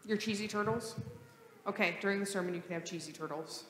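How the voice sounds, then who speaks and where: A woman's voice: medium pitch, fast. Woman pastor in an echoing church. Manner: lively and playful with children. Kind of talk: gospel reading and children's sermon. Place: church sanctuary. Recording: roomy church reverb.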